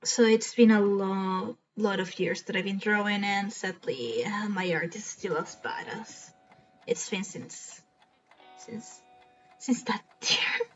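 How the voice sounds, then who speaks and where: A woman chatting casually while streaming, self-deprecating and rambling. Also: takes it slowly. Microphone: cheap desk mic. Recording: dull low-quality mic with faint music. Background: faint background music.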